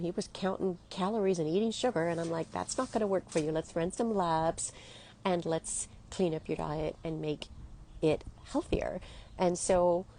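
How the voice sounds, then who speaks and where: This woman, a fifty-something health coach, speaks with earnest emotion straight to her audience in a motivational monologue. Her voice runs low and dark in tone.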